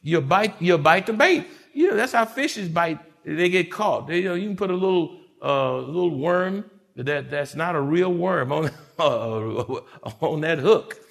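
High-pitched preacher man, real animated, repeats himself a lot, does little voices. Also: measured pace, gravelly. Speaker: pastor. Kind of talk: sermon.

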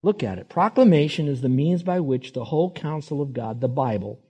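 A man's voice: a little high, animated, fairly quick, warm tone, husky. A man preaching a sermon in an earnest, conversational way, rising emphatically to make his points.

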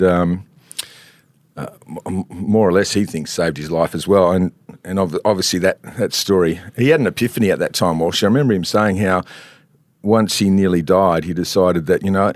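A low-voiced Australian man co-hosting a sports podcast in casual chat. He rambles through his stories, restarting sentences as he goes. The sound is dry and close to the mic. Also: moderate pace, dry recording. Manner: rambling storyteller, many restarts.

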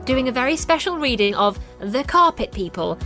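A woman's voice: sits high, big pitch swings, normal speed, sharp tone, faint music behind. A woman presenting a children's radio show cheerfully and enthusiastically. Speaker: radio host.

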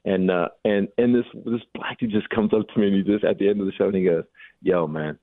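A man's voice: on the low side, fairly even intonation, fast talker, no echo. A man, a comedian guest calling in, telling stories in a rambling, self-interrupting way. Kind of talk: casual radio interview. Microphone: phone call. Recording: tinny phone line.

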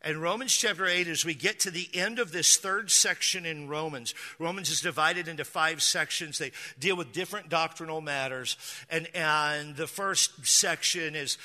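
A man in his thirties preaches with a very bright, ringing tone and a slightly high voice. He tells his stories casually, with jokes and frequent restarts. His voice carries through a long, echoing church hall. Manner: conversational storytelling with humor and repeated restarts. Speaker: pastor. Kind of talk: sermon. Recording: echoey hall with long reverb.

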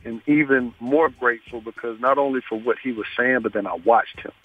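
A man's voice: medium pitch, fairly quick. A man in his thirties, a guest on a call-in interview, talking in an earnest, reflective way full of fillers. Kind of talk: casual interview chat. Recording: tinny phone line with faint music.

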